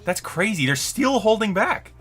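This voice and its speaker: High bright-voiced guy streaming a reaction, super excitable, voice jumping all over, music faintly behind. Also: moderate pace. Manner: excitable, swings from muttering to shrieking. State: crying with excitement.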